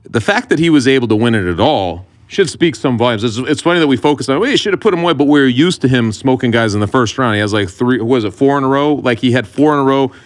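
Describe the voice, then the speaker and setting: A man co-hosting a sports podcast, talking through a fighter's last bout. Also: medium pitch. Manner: quick, reasoning analysis. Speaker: podcast co-host. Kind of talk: casual sports talk.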